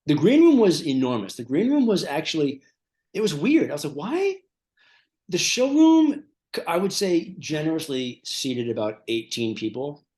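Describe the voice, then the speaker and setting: A man at a middle pitch riffs through invented stories, trailing off, restarting and stacking one absurd detail on another. His talk is loose and conversational, full of likes and ums. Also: huge pitch swings, normal speed, a little mellow. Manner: rambling, lots of fillers, builds absurd details. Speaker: comedian co-host. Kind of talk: improvised comedy chat.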